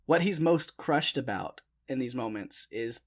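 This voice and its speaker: A young man co-hosting a podcast, talking through a film in a relaxed, rambling way with plenty of fillers. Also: medium pitch, measured pace. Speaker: podcast co-host. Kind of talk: casual film discussion.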